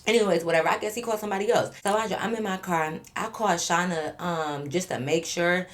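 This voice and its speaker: Woman doing a storytime vlog, kinda low voice, talks to y'all, acts out everybody, swears a lot. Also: fast. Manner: animated, acts out both sides of the story; profane, addresses viewers as y'all. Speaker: vlogger.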